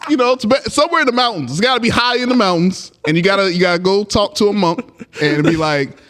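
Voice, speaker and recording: A man's voice: high voice, quick pace, a bit bright. A man co-hosting a podcast in casual chat, laid-back and slangy, laughing easily as he talks. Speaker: podcast co-host.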